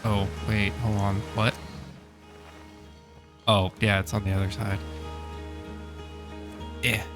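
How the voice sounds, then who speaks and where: A man's voice: lowish voice, little pitch movement, slow, music in the background. A man streaming a video game, chatting casually with his viewers and laughing often. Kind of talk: casual live-stream chat while gaming.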